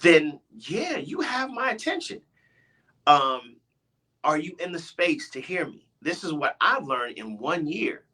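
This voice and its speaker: Husky, animated middle-aged radio host. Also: male voice, a little high, unhurried. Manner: animated, emphatic, often interrupting himself. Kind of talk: heated casual debate.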